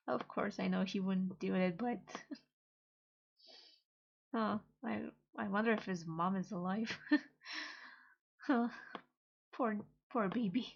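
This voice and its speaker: A woman casually reading and translating a comic aloud, halting and hesitant with many pauses and fillers. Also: medium pitch, vocal fry, highs cut off. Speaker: manga reader and translator.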